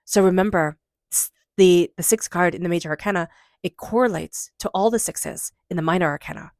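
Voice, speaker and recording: A woman's voice: lowish voice, fairly quick, dry recording, studio quality. Emotional, earnest woman reading tarot. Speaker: tarot reader.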